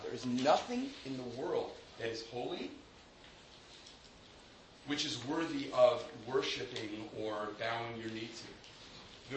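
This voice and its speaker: A man's voice: mid-range voice, animated, a little slow, pauses often, slight background noise. Man lecturing in an echoey room. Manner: thinks aloud with frequent restarts and tag questions. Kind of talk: academic lecture. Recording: echoey room with faint ambience.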